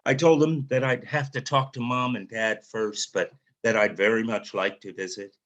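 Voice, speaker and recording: Author reading his own memoir, unhurried, reflective narration. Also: fairly low pitch, steady tone, a bit bright, lo-fi sound. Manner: measured, reflective storytelling.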